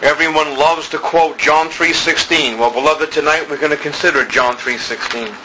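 A man preaching an evening sermon, slow and emphatic, building through repeated phrases. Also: fairly high pitch, bright, forceful tone, a little hiss or hum, poor audio.

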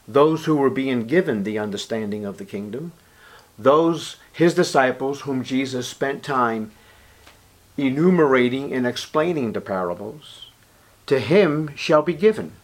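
A man's voice: mid-range voice, measured pace. A man preaching a Bible sermon, emphatic and dramatic, sometimes dropping to a whisper. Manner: emphatic, drops to a whisper for quoted lines.

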